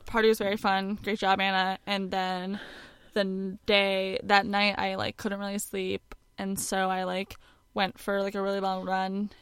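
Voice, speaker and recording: A young woman co-hosts a podcast and tells a personal story, chatty and candid, with plenty of casual fillers. Her voice is smooth and clear. The sound is dry and close. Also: mid-range voice, monotone, a little slow, hardly any pauses, fairly bright tone, no echo. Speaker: podcast co-host.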